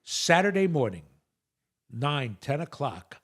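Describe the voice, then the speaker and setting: A man on a show as a guest, telling stories and jokes in animated conversation with big swings between loud and hushed. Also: on the high side. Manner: animated joke teller, quick shifts between loud and hushed.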